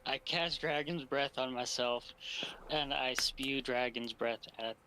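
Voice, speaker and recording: Slow, hesitant man at a tabletop game. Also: medium pitch, bright, forceful tone, poor audio. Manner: hesitant, lots of ums and uhs. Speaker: player. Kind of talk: casual tabletop game chat.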